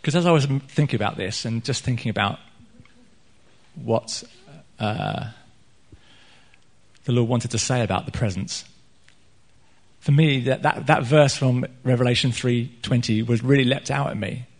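Husky-voiced man preaching a sermon. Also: mid-range voice, normal speed. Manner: earnest, rising emphatic preaching with restarts. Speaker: pastor. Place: church hall. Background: soft guitar playing.

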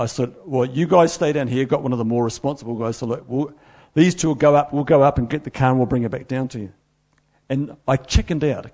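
A middle-aged man preaches, his voice gravelly and a little husky. He tells stories with animated, self-deprecating energy. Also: mid-range voice. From New Zealand. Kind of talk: sermon.

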